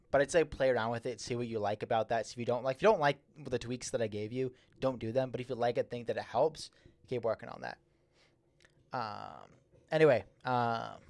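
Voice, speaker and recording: Young man, music stream host, casual rambling feedback, fillers, slightly slurred S's, mid pitch, very dry sound. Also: gravelly, dry recording. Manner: rambling, repeats words, many fillers; says he slurs his S's a little. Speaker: livestream host reviewing music submissions.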